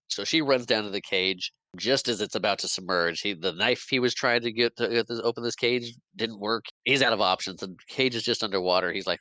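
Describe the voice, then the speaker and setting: A man's voice: lowish voice, a little fast, few pauses, pushed and bright, no echo, poor audio. A man hosting a podcast, retelling a film's plot in casual chat and acting out its characters' lines with laughs. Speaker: podcast host. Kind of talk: casual movie recap chat.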